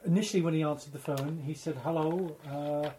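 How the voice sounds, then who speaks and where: A man on a podcast, chatty and halting, telling a story with fillers and frequent laughs. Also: a little high, mellow, faint music behind. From Isle of Man. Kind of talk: casual chat, storytelling.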